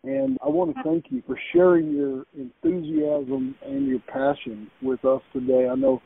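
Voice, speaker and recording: A man's voice: sits high, very animated, normal speed, vocal fry, breathy edge. A man hosting an interview, effusive and praising, often stammering and repeating words. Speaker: host, company executive. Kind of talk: casual interview chat. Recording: tinny phone-like call audio.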